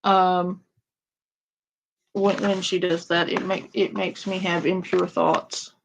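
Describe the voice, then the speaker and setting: Slow, sarcastic ranting woman. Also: lowish voice, flat delivery, vocal fry, noisy background. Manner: sarcastic, crude, mocks with a whiny imitation. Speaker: commentary streamer. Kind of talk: casual ranting commentary.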